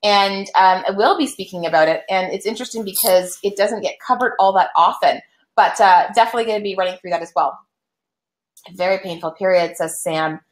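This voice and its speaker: An echo hangs over the recording as a young woman hosting a live online session briskly greets viewers, upbeat and chatty with plenty of fillers. Her voice is mid-range, and the talk has a casual live-stream feel.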